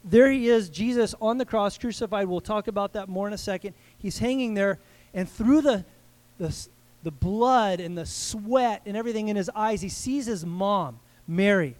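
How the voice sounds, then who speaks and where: A middle-aged man filling in as guest pastor, preaching a sermon in a conversational way with joking asides and quick restarts. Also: high-pitched, a little mellow. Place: church service.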